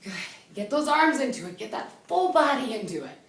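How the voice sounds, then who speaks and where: A woman leading a home workout, with a loud voice, out of breath as she exercises and counts reps in a chatty way. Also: a little high, sing-song, brisk, gravelly. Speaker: fitness instructor. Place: small indoor room. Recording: echoey room from a distance.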